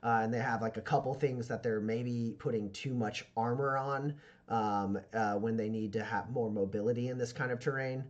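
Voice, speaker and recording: A man's voice: medium pitch, fairly even intonation, normal speed, dull audio. A man narrating as game master, rambling with many fillers and restarts.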